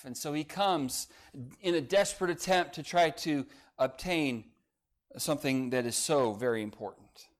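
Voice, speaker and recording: An older man preaches a sermon in a somewhat high voice. He is earnest and presses his listeners with direct questions. Now and then he lightens it with a folksy joke. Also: moderate pace. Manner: earnest, rises to urgent emphasis, asks the congregation direct questions; folksy asides and light humor.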